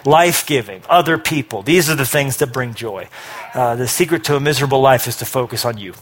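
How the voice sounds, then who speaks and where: A middle-aged man preaching a sermon, energetic, rising to forceful emphasis with quick asides. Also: mid-range voice. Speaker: pastor.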